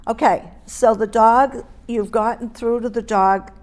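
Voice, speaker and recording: A middle-aged woman teaches dog training in a hands-on demonstration, her voice a little high, steady and slightly mellow at a measured pace. She works as a dog grooming and training instructor and speaks emphatically, repeating key points and checking in with her listeners.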